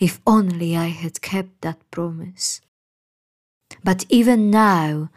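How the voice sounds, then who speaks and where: A woman narrating a ghost story in a slow, hushed, suspenseful manner, often dropping near a whisper. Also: fairly low pitch.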